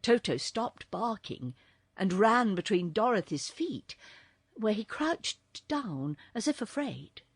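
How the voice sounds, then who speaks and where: A woman narrating a children's audiobook in a very expressive storytelling voice. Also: mid-range voice, slow, breathy edge, no echo, clean studio sound.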